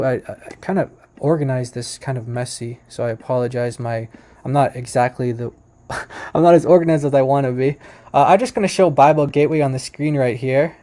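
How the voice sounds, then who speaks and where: A man's voice: mid-range voice, dark tone. A man giving casual commentary on debate clips, rambling with many restarts and fillers, and chuckling now and then. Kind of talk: casual commentary over a screen share.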